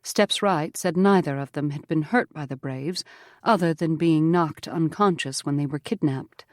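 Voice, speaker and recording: Low-voiced woman narrating an audiobook. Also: a little mellow, no echo, clean studio sound. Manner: measured, earnest storytelling. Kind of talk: scripted narration.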